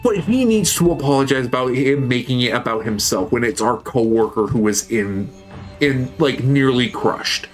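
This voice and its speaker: A man's voice: mid-range voice, lively intonation, moderate pace, soft background music. A man streaming, telling a story in a casual, heated, profane way.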